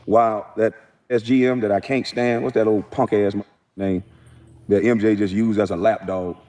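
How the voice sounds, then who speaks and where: Man, blunt storyteller, dismissive, mellow mid voice. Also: lowish voice, fairly even intonation, moderate pace. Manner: blunt, dismissive, matter-of-fact. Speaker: former athlete in a played clip. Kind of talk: defiant storytelling.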